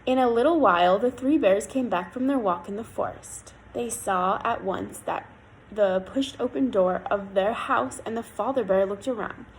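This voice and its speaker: A woman storyteller reading a fairy tale aloud in an expressive, lilting way. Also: medium pitch, moderate pace, slight background noise, rough recording.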